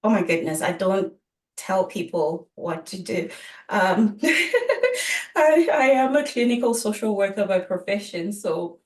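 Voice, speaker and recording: A middle-aged woman, an author guest, answering interview questions in a measured, thoughtful way with light laughs and frequent pauses. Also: mid-range voice, very animated. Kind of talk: interview conversation. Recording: roomy, distant from the mic.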